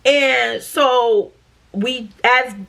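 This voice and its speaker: A woman in her thirties from Massachusetts telling a storytime to camera in a blunt, profane, animated way. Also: fairly high pitch, very slow, creaky. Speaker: storytime vlogger.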